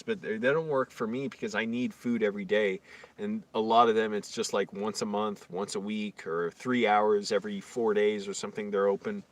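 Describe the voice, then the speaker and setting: A fairly low-pitched man from Virginia delivers a casual livestream rant, an indignant and rambling story with lots of fillers and restarts. A little hiss or hum runs under the recording.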